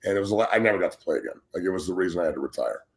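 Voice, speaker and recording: A man's voice: low-pitched, expressive, rapid-fire. Blunt, profane man ranting on a talk show. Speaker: podcast co-host, former pro football player. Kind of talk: heated casual talk show rant.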